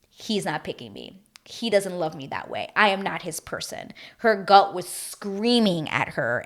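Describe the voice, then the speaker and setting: A woman giving a chatty, animated recap of a reality TV season, acting out her own reactions as she goes. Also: lowish voice. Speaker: TV recap host.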